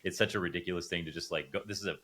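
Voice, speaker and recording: A man's voice: low voice, very fast, fairly bright tone. A man from Canada whose English has drifted toward a Swedish-tinged accent, a guest analyst offering tentative, hedged takes in casual podcast talk.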